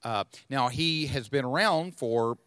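A man's voice: mid-range voice, a little slow, a bit bright, smooth, no room sound. Man teaching the Bible on a podcast. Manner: explanatory, thinking aloud with restarts.

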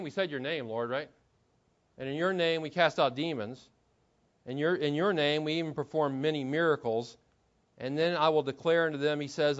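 Brief: male preacher, fairly high voice, chatty sermon full of rhetorical questions, dull lo-fi recording. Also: fairly quick. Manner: conversational, asks rhetorical questions, repeats words while thinking. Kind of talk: expository sermon.

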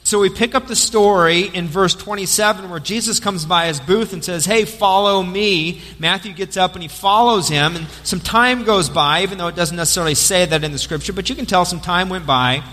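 A man preaching a sermon as a pastor, telling the story in a lively way over an amplified mic in a church. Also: sits high, fairly quick, few pauses. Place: church sanctuary. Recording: long church hall reverb.

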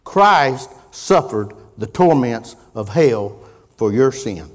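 A middle-aged man preaching a sermon, folksy in tone, moving from quiet musing to loud impassioned preaching. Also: medium pitch, lively intonation, slow pace, big-room sound. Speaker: pastor.

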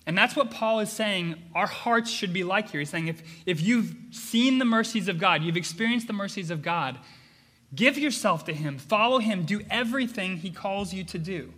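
A man's voice: sits high, expressive, moderate pace, pushed and bright. A man preaching a sermon as pastor, earnest and emphatic, often repeating phrases for stress. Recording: long hall reverb.

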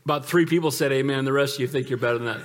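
A man's voice: medium pitch, very fast. A man, a pastor, preaching a sermon in a conversational, emphatic way, joking with the congregation and calling out for amens.

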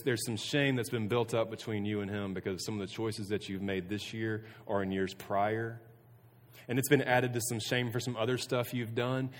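A youth pastor giving a casual sermon to students, earnest and conversational, often restarting sentences. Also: male voice, fairly low pitch. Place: room with a student audience. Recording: long reverb of a hall.

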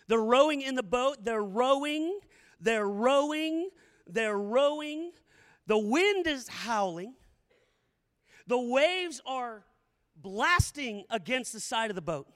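A man's voice: extremely high pitch, a bit bright, in a large hall. A middle-aged male pastor preaching a sermon, telling the story dramatically and repeating phrases for emphasis.

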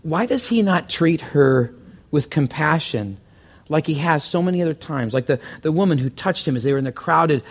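A man preaching a sermon as pastor, earnest, often repeating words and climbing higher when stirred. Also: lively intonation, moderate pace, slightly rough.

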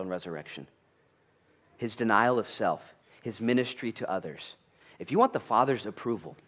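A man preaching a sermon at a church, conversational and animated, full of asides and rhetorical questions. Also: on the low side. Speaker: pastor.

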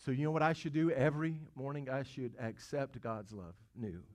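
A man's voice: mid-range voice, normal speed, a little mellow. A man preaching a sermon. He asks the congregation questions, repeats words as he goes, and swells to emphatic peaks. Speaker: pastor.

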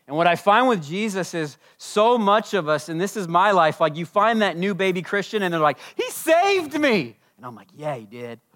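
Pastor guy preaching in church, kinda high voice, goes big then drops real quiet. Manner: impassioned, swings between loud and hushed. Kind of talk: sermon. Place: church service.

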